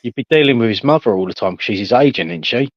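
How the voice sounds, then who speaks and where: Middle-aged male panel regular, rapid blunt banter, dry, dull lo-fi audio. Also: medium pitch, expressive, no room sound. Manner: blunt banter with frequent swearing. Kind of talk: casual chat on a live stream.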